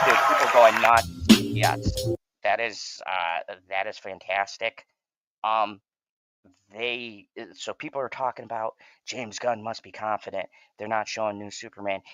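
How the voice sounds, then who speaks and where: A man's voice: lowish voice, fairly bright tone, low-quality recording. A man hosting a fan channel, giving a heated and profane reaction commentary.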